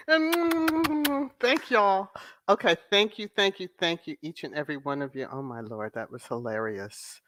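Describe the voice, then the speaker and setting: A woman's voice: lowish voice, expressive, unhurried, noisy background. A woman hosting a casual livestream, chatting affectionately with viewers and breaking into laughter often. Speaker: host of a royal-news channel.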